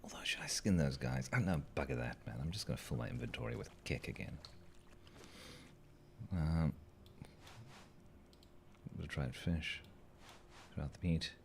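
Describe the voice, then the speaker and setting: A man's voice: extremely low pitch, animated, normal speed, creaky, long pauses, a little hiss or hum. A man chatting playfully through a game as a let's-play host, joking with the creatures on screen. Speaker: gaming channel host.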